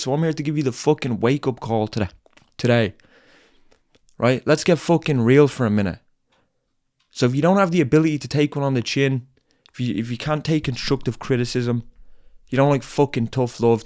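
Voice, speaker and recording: A man's voice: fairly high pitch, no echo, clean studio sound. A man hosting a podcast, delivering a blunt, angry tough-love monologue full of swearing and repeated lines. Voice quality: blunt, heavy swearing, repetitive. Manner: angry, lecturing, emphatic. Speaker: podcast host.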